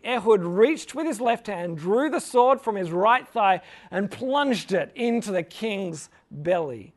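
Jokey high-voiced man teaching the Bible. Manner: jokey, chuckling, fills talk with "like". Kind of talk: casual humorous Bible talk.

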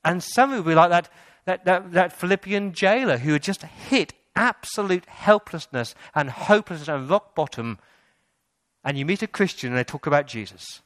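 A man's voice: sits high, animated, moderate pace, fairly bright tone, no echo, clean studio sound. A man preaching a sermon in a church, asking rhetorical questions and building to emphatic passages. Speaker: pastor. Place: church hall.

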